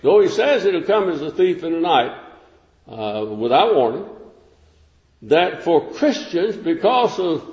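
An older man delivers a sermon in a slightly high voice, talking it through plainly and then pressing key points with emphasis. His voice rings through a reverberant hall, and the recording sounds a little dull and muffled. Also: very animated, a little mellow. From United States. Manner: measured, conversational preaching with emphatic rises. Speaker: preacher.

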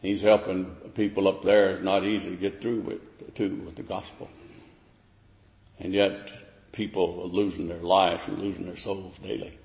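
A man's voice: low-pitched, flat delivery, normal speed, gravelly, a little mellow. A man preaching a sermon, rising to emphatic questions and often restarting his phrases. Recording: echoey hall, dull lo-fi sound.

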